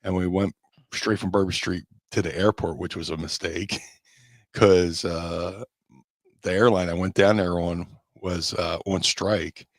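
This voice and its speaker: Deep-voiced rambling storyteller man. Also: fairly even intonation, unhurried, dry recording. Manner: rambling, self-deprecating storyteller. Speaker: podcast co-host, former wrestler. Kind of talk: casual storytelling chat. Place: home studio on a live stream.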